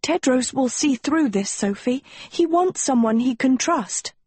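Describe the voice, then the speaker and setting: A woman's voice: high-pitched, expressive, a little slow, darkish tone, husky, dry recording, voice pushed up, heavily acted. A woman voicing an earnest teenage heroine in an audiobook, pleading and urgent. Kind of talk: audiobook character reading.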